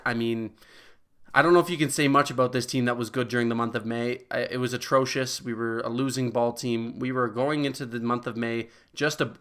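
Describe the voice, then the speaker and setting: A man's voice: medium pitch, sharp tone. A man as a guest commentator, delivering a heated, profane and exasperated recap of baseball stats.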